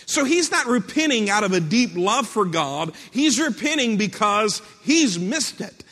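Male preacher, high voice, storytelling delivery with repetition, long hall reverb. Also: big pitch swings, measured pace, bright, forceful tone. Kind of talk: sermon.

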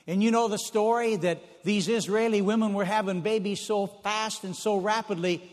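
A man's voice: sits high, fairly even intonation, normal speed, big-room sound. A man preaching a sermon, retelling stories in a folksy way and repeating phrases for emphasis.

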